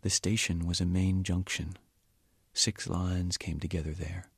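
A man reading from his novel in a measured, quiet way, at times almost whispering. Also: low voice, little pitch movement, slightly rough, dry recording, studio quality. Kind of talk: audiobook-style reading.

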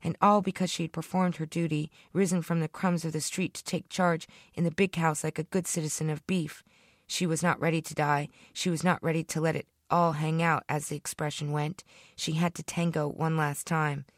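A woman's voice: sits low, level tone, moderate pace, dry recording, studio quality. A woman reading her own short story aloud in a dramatic, rhythmic narration.

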